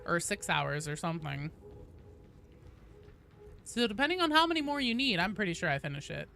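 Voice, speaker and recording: Woman streamer, bright and lively, chatty with viewers, voice slightly gravelly. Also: lowish voice, normal speed, faint music behind. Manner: chatty, greets viewers one by one. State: voice a bit gravelly from allergies. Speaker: game streamer. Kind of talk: casual live-stream chat.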